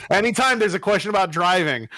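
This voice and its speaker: A man co-hosting a podcast, telling stories in casual chat and acting out quotes with big jumps in pitch. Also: lively intonation, fast, sharp tone, no room sound. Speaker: podcast co-host.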